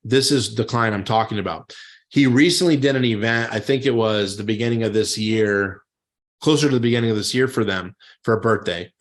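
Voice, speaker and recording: A man, a chef and business coach, giving a motivational talk to other chefs, retelling conversations in lively storytelling. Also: lowish voice, a little fast. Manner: storytelling, animated retelling of dialogue; many fillers and restarts.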